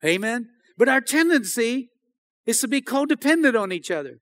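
A man's voice: very high voice, very animated, normal speed, a bit bright. A man preaching a sermon as pastor, emphatic, often asking the congregation for an "Amen.". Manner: emphatic, repeats phrases and asks the congregation "Amen?".

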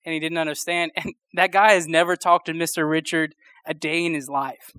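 A young man preaches in a loose, conversational sermon, rambling through a story with many fillers and false starts. His voice sits a little high, and the sound is close and dry with no room echo. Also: fairly even intonation, brisk, fairly bright tone, smooth. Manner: chatty, rambling, full of fillers and restarts.

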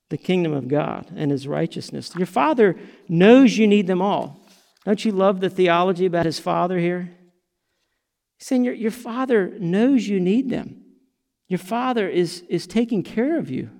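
A man delivers a sermon from the pulpit, animated and acting out the lines he quotes. His voice sits high with a gravelly rasp, and a long church-hall reverb trails behind every phrase. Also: normal speed. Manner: animated, sings song lines and acts out quotes. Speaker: pastor.

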